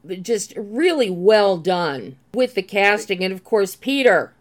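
A woman's voice: medium pitch, animated, unhurried. A woman interviewing a film director, asking enthusiastic, appreciative questions.

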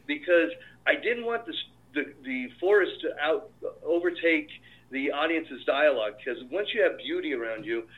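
A man with a fairly high voice talks as a film director in a casual interview. He tells animated anecdotes and acts out the dialogue of others. His voice comes through thin and tinny, like a phone line. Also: moderate pace.

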